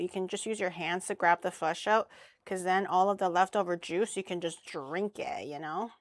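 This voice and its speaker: A woman's voice: lowish voice, moderate pace, dry recording, studio quality. A young woman streaming as she cooks, chatting casually with crude jokes and easy swearing. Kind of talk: casual cooking stream chat.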